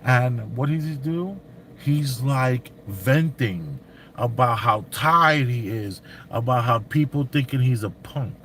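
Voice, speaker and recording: A middle-aged man, telling stories and giving commentary in animated, slangy street talk. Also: mid-range voice, slow, a little hiss or hum. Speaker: vlogger. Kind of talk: commentary and storytelling.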